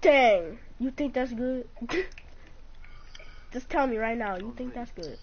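A woman with a fairly high voice streams a video game at a slow pace, laughing often as she teases and trash-talks her opponent in a boisterous chat. The stream audio is muffled and lo-fi, with loud noise throughout.

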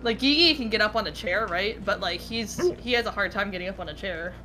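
A woman's voice: mid-range voice, a little fast, bright, forceful tone, faint music behind. A woman streamer chatting casually from her home gaming room, rambling and poking fun at herself. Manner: rambling, self-deprecating.

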